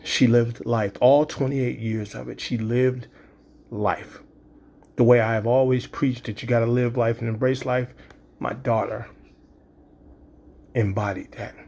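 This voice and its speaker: A man's voice: medium pitch, fairly even intonation, measured pace, long pauses, darkish tone. A man in his fifties telling a spoken-word story, vivid, acting out sounds and quoting dialogue. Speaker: storyteller and poet.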